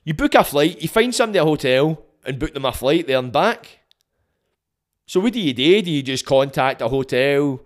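A man's voice: fairly high pitch, expressive. Sweary Glaswegian man ranting. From Scotland. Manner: sweary, rambling, mimics people in quick asides. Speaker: podcast host. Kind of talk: casual comic monologue.

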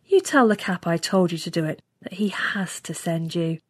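A woman's voice: fairly low pitch, expressive, moderate pace, husky, no echo, clean studio sound. Woman doing brash swaggering space pilot Hicks. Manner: loud, swaggering, crude.

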